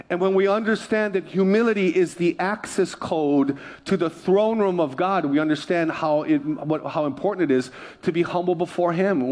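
A middle-aged pastor from Hawaii preaching a sermon in a relaxed, joking, conversational way, often repeating his phrases. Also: high voice.

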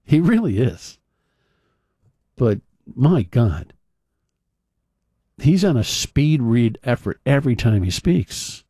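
A man's voice: medium pitch, very animated, slow pace, long pauses, mellow, no room sound, clean studio sound. A male radio host casually retelling a film scene in a rambling way, full of fillers and restarts. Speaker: radio talk show host. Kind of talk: casual talk radio monologue.

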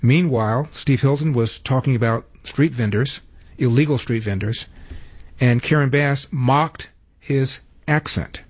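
Male radio host, husky tone, dead-dry studio mic, sardonic and brisk commentary. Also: medium pitch, dry recording. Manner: brisk, sardonic delivery with ad reads. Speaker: radio talk show host. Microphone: studio microphone.

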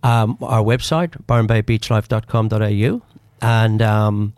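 A man's voice: on the low side, measured pace, darkish tone, clean tone, no echo. A man talking casually as a guest on a radio show, promoting his business in a salesy way and often restarting his sentences.

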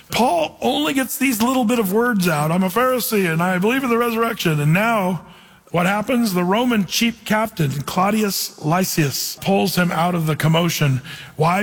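A man, a pastor, teaching through a Bible passage in a lively, conversational way and reading verses aloud. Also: sits high, slightly rough. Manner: animated, conversational, reads scripture aloud. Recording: reverberant hall.

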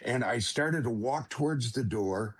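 A man of middling pitch speaks as an interview guest, recounting a personal testimony in an earnest, confiding way. He keeps turning back to the host by name and stumbles into restarts when the story grows heavy. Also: lively intonation, breathy edge. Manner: halting restarts at emotional moments.

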